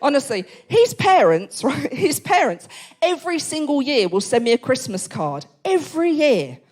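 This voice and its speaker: A woman's voice: high voice, very animated, moderate pace, a little mellow. Brash Essex woman doing stand-up. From England. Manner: brash, sweary, self-mocking. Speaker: comedian. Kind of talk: stand-up comedy. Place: comedy club, live audience.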